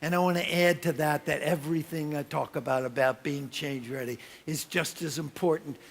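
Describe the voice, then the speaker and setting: A man delivers a motivational keynote at a business conference. His voice sits high for a man and has a gravelly edge. He tells stories with energy, jumping into the voices of the people in them. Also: normal speed. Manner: animated storytelling with acted-out voices and shouts. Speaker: keynote speaker. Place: conference hall.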